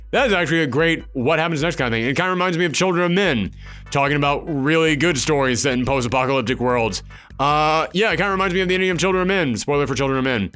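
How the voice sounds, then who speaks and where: A man's voice: on the high side, a bit bright. A man giving an emphatic, ranting spoiler review of a video game, acting out imagined reactions. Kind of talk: opinionated spoiler discussion.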